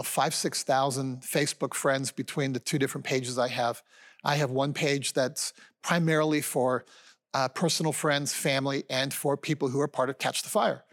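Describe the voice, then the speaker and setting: A man in his sixties preaching a sermon as a pastor, earnest and conversational, often calling his listeners friends. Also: on the high side. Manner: conversational preaching with fillers and restarts.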